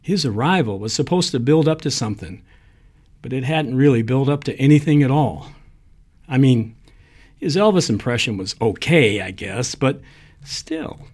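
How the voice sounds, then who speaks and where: A man narrating a short story aloud in a lively storytelling manner, giving the characters their lines. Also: medium pitch, moderate pace. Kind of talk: reading short fiction aloud.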